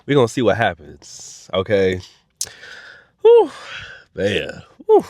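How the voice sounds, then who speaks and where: A man casually recapping a reality show episode, animated and dramatic, with slang-heavy speech. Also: takes it slowly, dry recording. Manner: animated, dramatic, acts out quotes in high voices. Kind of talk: casual reaction commentary.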